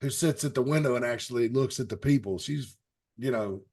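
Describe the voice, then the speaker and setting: Gravelly man telling animated stories. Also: mid-range voice, brisk. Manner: laughs through stories, acts out quotes. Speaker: panelist on a wrestling talk show. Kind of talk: casual chat, animated storytelling.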